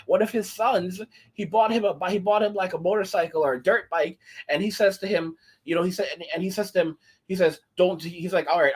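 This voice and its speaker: A man's voice: sits high, breathy edge. A man hosting a commentary channel, ranting indignantly and rambling with many restarts.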